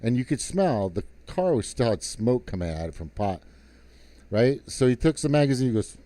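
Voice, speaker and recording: A man's voice: medium pitch, sing-song, moderate pace, mellow. A man on a live stream, telling a rowdy story in casual, profane talk that turns into a heated political rant.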